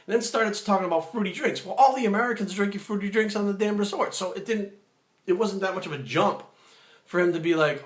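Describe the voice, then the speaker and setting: Animated man telling a story, echoey room. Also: sits high, fast. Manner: animated, acts out other people's lines. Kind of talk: casual storytelling.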